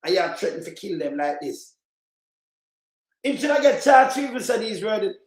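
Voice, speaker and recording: Jamaican man, political rant, patois, shouty and repetitive, roomy echo. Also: sits high, very animated, normal speed. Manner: heated, repetitive, bursts into shouting. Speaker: commentator.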